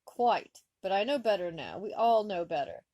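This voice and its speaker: A woman voicing a stern older male starship captain in a put-on Gaelic accent, speaking slowly and formally. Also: mid-range voice, expressive, a little mellow, dry recording, close to an everyday voice. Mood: dignified. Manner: slow, measured and formal.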